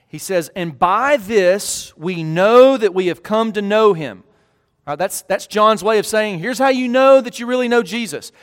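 A man's voice: sits high, animated, moderate pace, clear, resonant tone, in a large hall. A man preaching as a pastor, earnest, with emphatic rising peaks and frequent restarts. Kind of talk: sermon. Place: church.

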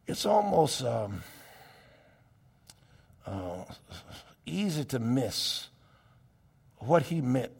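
A middle-aged male pastor preaching a sermon, swinging between hushed asides and shouted climaxes. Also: fairly high pitch, creaky. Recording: long reverb of a church hall.

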